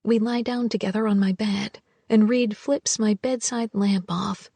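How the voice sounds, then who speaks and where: A woman narrating a first-person romance audiobook in a soft, hushed, intimate way. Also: mid-range voice, fairly even intonation, a little slow, vocal fry, husky, no room sound.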